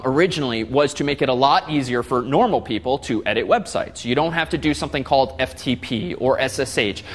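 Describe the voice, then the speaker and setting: Lively lecturing man, rather high voice. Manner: lively, explains step by step, quizzes the class. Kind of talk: classroom lecture.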